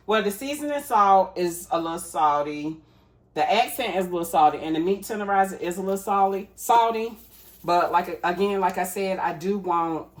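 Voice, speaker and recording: A woman, chatting casually to viewers while she cooks in her home kitchen and calls them y'all. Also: lowish voice. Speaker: cooking vlogger. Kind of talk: casual cooking chat.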